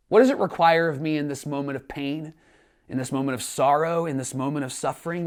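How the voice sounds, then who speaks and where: A man's voice: fairly high pitch, fairly quick. A man, a pastor, preaching a sermon with earnest storytelling and rising emphasis. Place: church streaming from home.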